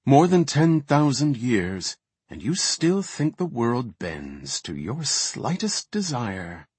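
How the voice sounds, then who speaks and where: A man voicing a cold, vengeful female warden who speaks calmly and with contempt. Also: medium pitch, takes it slowly, husky, dry recording, voice pushed up, exaggerated voice. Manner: calm, contemptuous.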